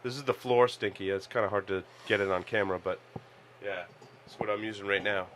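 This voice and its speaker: A man co-hosting a podcast, chatting casually in a relaxed, rambling way with fillers. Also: on the low side, fast talker, a little hiss or hum. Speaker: podcast co-host. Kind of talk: casual chat.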